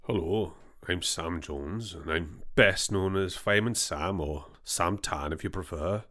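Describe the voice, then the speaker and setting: A man voicing a steady, earnest middle-aged Welsh firefighter who explains fire safety. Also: sits low, a little slow, voice pushed down. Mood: friendly. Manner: earnest, instructive.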